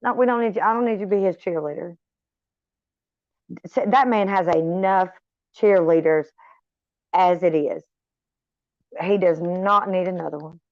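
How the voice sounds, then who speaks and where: A woman's voice: on the low side, moderate pace, long pauses, no room sound. A middle-aged woman chatting casually to her viewers, rambling off on tangents and swearing freely. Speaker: vlogger talking to viewers. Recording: slightly dull, dry recording.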